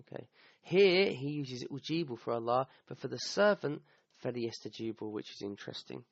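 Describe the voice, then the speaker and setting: Gravelly man teaching, dull dry recording. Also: medium pitch, expressive, moderate pace, no echo. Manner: thinks aloud with restarts, checks in with "okay?". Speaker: Quran teacher. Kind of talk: recorded talk explaining a verse.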